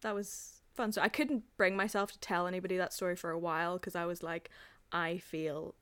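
A young woman from Northern Ireland, a podcast co-host, telling a story in casual chat and acting out quotes in high, excited voices. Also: fast talker, clear, resonant tone, no room sound. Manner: animated storyteller, acts out quotes in high voices, laughs often.

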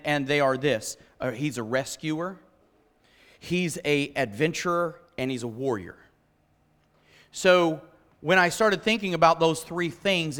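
A man, a pastor, preaching alongside his wife and telling animated stories that act out his own reactions. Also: high-pitched, in a large hall. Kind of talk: sermon shared with his wife.

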